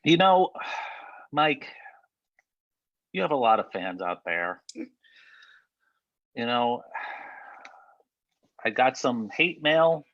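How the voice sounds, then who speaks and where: Guy co-hosting a podcast, deadpan ribbing, little lisp, dry muffled sound. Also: mid-range voice, slow pace, pauses often, no echo. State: slight lisp from a bitten tongue. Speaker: podcast co-host. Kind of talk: casual joking chat.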